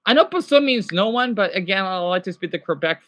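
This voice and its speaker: A man's voice: sits high, animated, a little fast, fairly bright tone, no echo. A man streaming live and chatting casually with viewers, rambling, correcting himself and slipping in French phrases. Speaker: livestreamer answering viewers.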